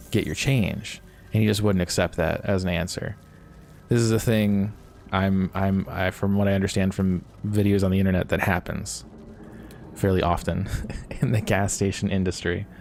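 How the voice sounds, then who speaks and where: Give me a low-voiced man rambling through a story while he streams a game, with a little music behind. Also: darkish tone. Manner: rambling, swears, laughs at himself. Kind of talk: casual storytelling while gaming.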